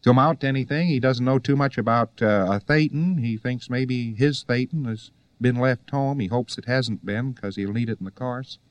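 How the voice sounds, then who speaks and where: A man's voice: mid-range voice, normal speed, hardly any pauses, dry recording. A man giving a conversational lecture to students, full of rhetorical questions and wry asides.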